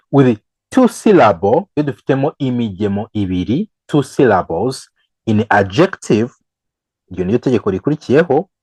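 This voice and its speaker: A man teaching English grammar, switching between English and Kinyarwanda and repeating each example slowly. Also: medium pitch, darkish tone, husky, dry recording, poor audio. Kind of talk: bilingual grammar lesson.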